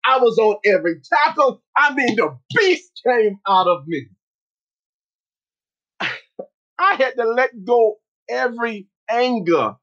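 A man telling a personal story as a motivational talk, speaking slowly and earnestly with pauses. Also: high-pitched, fairly bright tone, breathy edge, dull audio.

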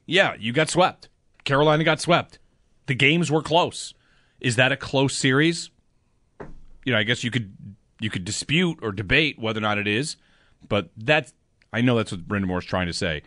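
A man hosting sports talk radio, animated and emphatic, often pushing his voice up into loud bursts. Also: mid-range voice, normal speed, pauses often, dry recording, studio quality.

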